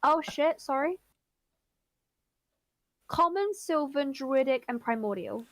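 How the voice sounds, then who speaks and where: A woman's voice: high voice, animated, takes it slowly, dry recording. A woman running a tabletop game as game master, narrating scenes and voicing the characters lightly.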